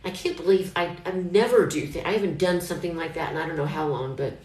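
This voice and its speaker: A woman's voice: low-pitched, fast talker, darkish tone. A middle-aged woman chatting casually on a live stream, rambling and reassuring herself as she talks. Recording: echoey room.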